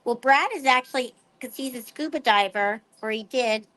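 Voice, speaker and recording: A woman's voice: a little high, moderate pace, sharp tone. A woman chatting casually to her pet birds and her viewers in a playful, rambling way. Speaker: pet bird vlogger.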